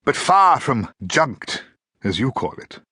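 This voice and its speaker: A man voicing a gentle, eccentric male time traveller who stays calm and polite. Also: mid-range voice, takes it slowly, breathy edge, no echo, clean studio sound, voice pushed up, full character voice. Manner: calm, polite, mildly amused.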